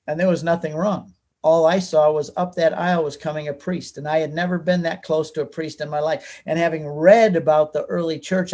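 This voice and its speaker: Husky, high-voiced older man. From United States. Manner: animated, emotional storyteller. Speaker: guest author. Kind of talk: personal storytelling.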